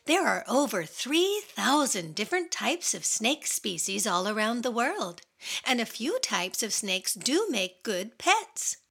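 A woman's voice: on the high side, big pitch swings, a little slow, gravelly, fairly bright tone, slightly rough. A woman hosting a children's radio show, bubbly and sing-song, talking straight to the kids listening.

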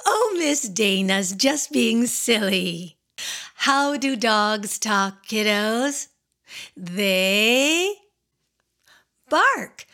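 A woman's voice: medium pitch, expressive, drawn-out words, gravelly, a bit bright, soft background music. A woman hosting a children's show, talking playfully and encouragingly to young kids in a silly, sing-song way.

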